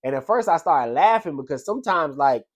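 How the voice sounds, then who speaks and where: A man's voice: on the high side, expressive, fairly quick. A man, a delivery driver, giving a casual motivational talk in a loose, slangy storytelling manner. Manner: loose, slangy storytelling with frequent "you know what I'm saying". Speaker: delivery driver sharing life lessons.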